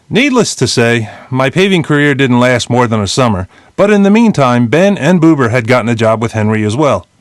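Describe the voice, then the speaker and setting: A man in his fifties from New Jersey, reading his own memoir as an audiobook in a blunt, lively storytelling way with casual swearing. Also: medium pitch, no room sound, clean studio sound. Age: 50s. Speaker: memoir narrator.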